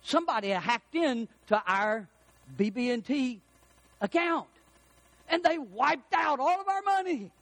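A middle-aged man preaching a folksy sermon, swinging between loud emphasis and hushed, prayerful passages. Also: extremely high pitch, lively intonation, a little slow, no room sound. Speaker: pastor.

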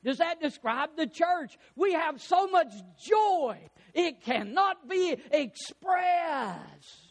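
A pastor preaching a sermon, fervent and rising to shouts, putting questions to the congregation. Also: male voice, extremely high pitch, expressive, takes it slowly.

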